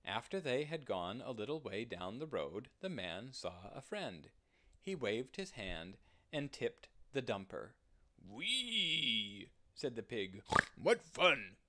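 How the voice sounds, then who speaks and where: Man reading a kids' storybook, slow pace, lively sing-song pitch, gentle. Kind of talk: children's storybook read-aloud.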